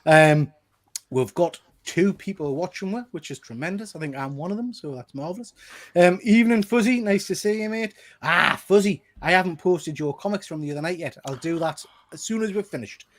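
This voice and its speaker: A man's voice: sits high, moderate pace. A man with a Geordie accent from North East England, hosting a casual live-streamed chat about toys in a jokey, self-deprecating way. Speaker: host.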